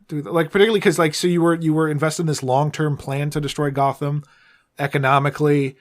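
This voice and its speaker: A man co-hosting a podcast in casual chat, making dry, deadpan jokes. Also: a little high, fast. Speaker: podcast co-host.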